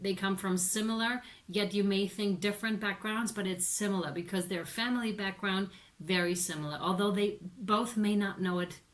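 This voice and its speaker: Excitable woman doing a tarot reading. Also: medium pitch. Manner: excitable, swears, laughs often. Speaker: tarot reader. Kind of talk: casual tarot reading to camera.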